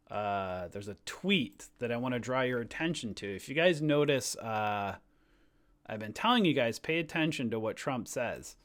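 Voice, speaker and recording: Chatty man hosting a trading stream. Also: mid-range voice. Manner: chatty, jokey, rambling, laughs easily. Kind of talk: casual live-stream commentary.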